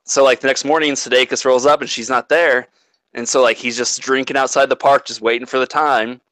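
A man's voice: medium pitch, steady tone, a little fast, a bit bright, dry recording, low-quality recording. A man in casual chat, animatedly retelling a movie plot and swearing freely.

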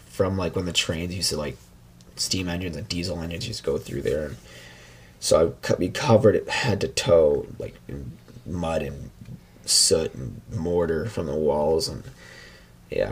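Young guy, low husky voice, rambles through a story, lots of restarts, pitch jumps around. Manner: rambling, with many restarts and "like" fillers. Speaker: podcast guest. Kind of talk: casual storytelling.

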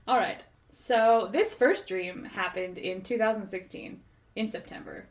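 A woman telling a long, animated story in casual podcast chat, rambling and full of "like". Her pitch sits in a middle range. The recording sounds roomy and echoey. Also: a little slow. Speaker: podcast co-host.

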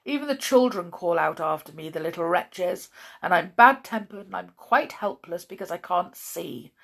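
A woman's voice: lowish voice, unhurried, creaky, husky, full character voice. A woman voicing a rude, bitter and lonely blind man who snaps out resentful complaints in a storybook reading.

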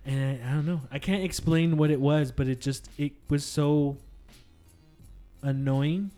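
A man in casual gaming chat, animated and swearing freely as he tells stories from his streams. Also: a little high, measured pace, faint music behind. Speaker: podcast co-host, streamer.

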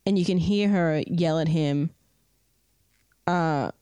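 Chatty woman host, lowish voice. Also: takes it slowly, dark tone, smooth, no echo. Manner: chatty, many fillers, recounting events. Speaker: podcast co-host. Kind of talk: casual true-crime storytelling.

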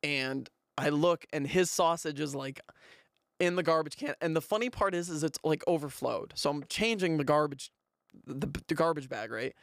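A young man hosting a podcast, telling a rambling, animated story in a casual way. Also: a little high, normal speed, no echo, studio quality. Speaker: podcast host.

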